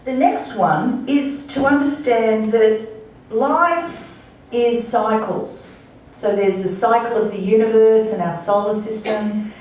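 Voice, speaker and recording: A woman delivers a lively motivational speech to a room full of people, teasing them with rhetorical questions. Her voice rings through a very echoey function room, heard from some distance away with faint room noise underneath. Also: on the high side, slow. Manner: chatty, playful, rhetorical questions to the crowd. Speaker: guest speaker at a fundraising breakfast. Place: large function room with an audience.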